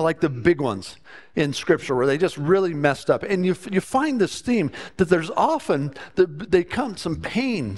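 A man's voice: a little high, darkish tone. A man preaching a sermon to his church congregation. He speaks earnestly and often repeats a word as he starts a thought. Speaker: pastor.

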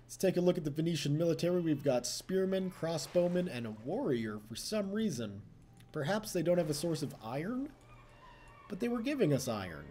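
A man's voice: fairly high pitch, very animated, a little fast, warm tone, slight background noise. A young man casually commenting on his strategy game session, chatty and self-mocking, laughing often. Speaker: let's play host.

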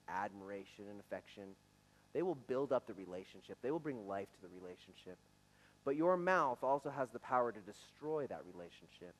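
A man in his forties with a mid-range voice, recorded on poor audio, preaches to his church in the sanctuary as its pastor. His sermon is earnest and conversational, with occasional stammered restarts as he stumbles over words.

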